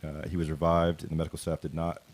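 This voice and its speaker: Deep-voiced man explaining the news. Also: monotone. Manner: halting, explanatory, many ums and uhs. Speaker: co-host. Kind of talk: casual chat, summarizing the news.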